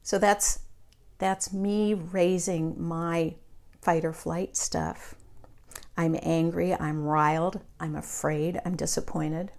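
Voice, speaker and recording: Middle-aged woman, lowish voice, calm and frank, guiding a meditation class. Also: unhurried. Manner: calm, reflective, candid with casual swearing. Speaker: meditation group leader.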